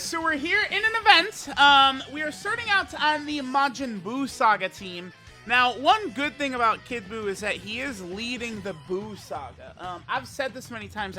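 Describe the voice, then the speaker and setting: High, bright-voiced man rambling over faint music. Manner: rambling, filler-heavy, thinking aloud. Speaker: mobile game content creator. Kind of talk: casual gameplay commentary.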